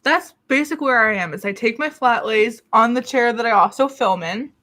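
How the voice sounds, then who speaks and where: A woman's voice: fairly high pitch, brisk, bright, forceful tone. Breathless chatty woman vlogging at home. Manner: rambling, self-deprecating, laughs often. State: out of breath, coughing. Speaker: beauty YouTuber. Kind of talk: casual chatty vlog. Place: small city apartment alcove.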